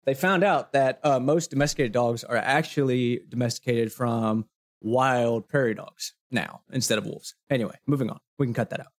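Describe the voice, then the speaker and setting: A man's voice: mid-range voice, normal speed. A man playing a tabletop game, describing his character and going off on eager asides. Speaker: player. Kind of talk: casual tabletop game chat.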